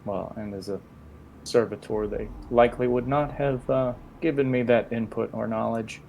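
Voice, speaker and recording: Dude in a tabletop game, gravelly voice, kinda rambly. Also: male voice, mid-range voice, fairly even intonation, normal speed, muffled recording, slight background noise. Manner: thoughtful, rambling, with restarts. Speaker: player. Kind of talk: tabletop role-play, describing his character's actions.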